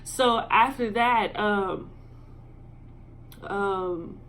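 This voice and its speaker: A young woman telling an emotional personal story in a vlog, with lots of ums and pauses. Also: medium pitch, a bit bright, faint music behind. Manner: halting and filler-heavy, emotional. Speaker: vlogger.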